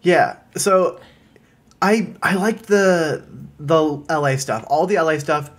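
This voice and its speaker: A man's voice: on the high side, slow pace. A man co-hosting a podcast, chatting casually and agreeably about a movie and joking along. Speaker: podcast co-host. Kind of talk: casual movie review chat.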